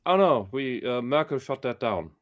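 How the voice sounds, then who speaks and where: A man's voice: medium pitch, expressive, normal speed. A man from Germany, a podcast guest who talks bluntly and opinionatedly and swears. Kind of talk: casual conversation.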